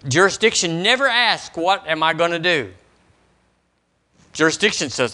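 Man, pastor, lively swooping preaching voice, bright. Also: a little high, normal speed, pauses often. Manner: animated preaching, quizzes the congregation. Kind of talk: sermon. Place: church service.

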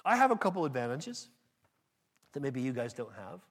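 A man with an American accent preaching a sermon in a lively, conversational way, often restarting sentences and acting out little exchanges. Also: mid-range voice, moderate pace. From California. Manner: animated, conversational preaching with restarts and acted asides. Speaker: pastor.

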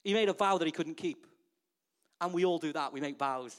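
A man preaching a sermon to his church in a lively way, often asking the congregation rhetorical questions. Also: a little high, a little fast. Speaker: pastor.

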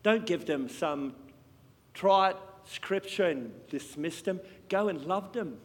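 A man preaching a sermon with passion, swinging between loud and hushed. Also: high voice, animated, takes it slowly. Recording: long hall reverb.

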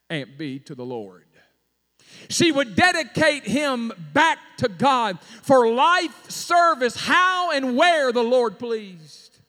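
High-pitched dramatic preacher. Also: male voice. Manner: dramatic, swinging from shouting to near-whisper. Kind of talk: sermon storytelling. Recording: long hall reverb.

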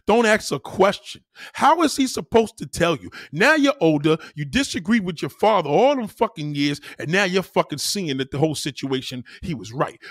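A man's voice: high-pitched, a bit bright, no room sound, clean studio sound. A man hosting a live stream alone, ranting to his chat in a profane, combative, preachy way. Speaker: livestream host.

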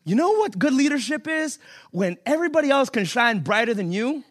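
This male pastor's voice is extremely high-pitched and very animated, moving a little fast. His sermon at a church service is humorous and conversational, full of jokes with the room, and it climbs toward emphatic shouting.

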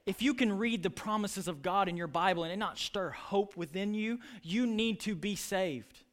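A pastor with a high-pitched, fairly bright voice preaches a sermon with passion, telling stories and acting out the lines in different voices. He speaks at a moderate pace.

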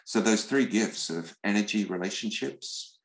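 A middle-aged man speaking as an interview guest, telling stories in an animated way, often repeating words as he goes. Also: fairly low pitch, normal speed, rough recording. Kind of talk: conversational storytelling.

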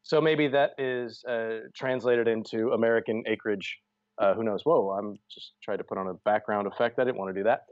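A man's voice: on the low side, steady tone, normal speed, no echo, dull audio. Easygoing man hosting a chat. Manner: laughs easily, easygoing. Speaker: podcast host. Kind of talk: casual chat.

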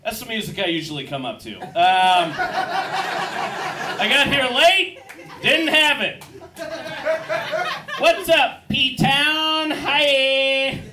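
A man opening his stand-up set with dry, teasing jabs at the crowd. His voice runs high and lively, and he talks slowly. He sounds distant, with room echo and crowd noise behind him. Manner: wry, mock-scolding the crowd. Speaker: headlining comedian.

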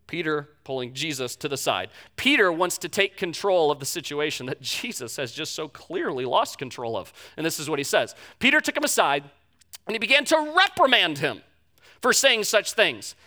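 Brief: young male pastor, bright forceful voice, lively storytelling sermon with acted-out quotes. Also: normal speed. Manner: animated storytelling, acts out quotes with big pitch jumps.

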